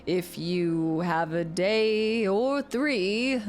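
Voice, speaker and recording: A woman voicing a worldly, mysterious traveling merchant while reading game dialogue aloud, drawing each phrase out slowly. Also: mid-range voice, fairly even intonation, faint music behind, pitched below the performer's own voice. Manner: slow, drawn-out theatrical delivery.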